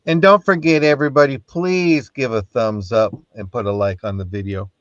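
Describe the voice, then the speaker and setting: A man co-hosting a live sale stream, making quick teasing asides and asking viewers for likes. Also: medium pitch, steady tone, no room sound. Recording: dry, dull lo-fi sound.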